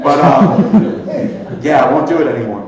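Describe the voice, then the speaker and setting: A man's voice: mid-range voice, animated, moderate pace, lo-fi sound. A man doing a stand-up comedy set, rambling loosely and laughing at his own jokes. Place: comedy club stage. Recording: echoey club with loud crowd.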